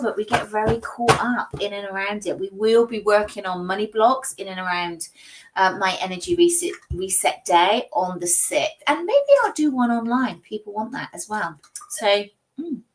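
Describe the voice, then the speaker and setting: A woman's voice: medium pitch, normal speed, a little hiss or hum, poor audio. Lady doing a live tarot stream, chatty, says hello hello to everyone. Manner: chatty, greets viewers by name, lots of "hello, hello". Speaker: psychic tarot reader and livestream host. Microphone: streaming setup.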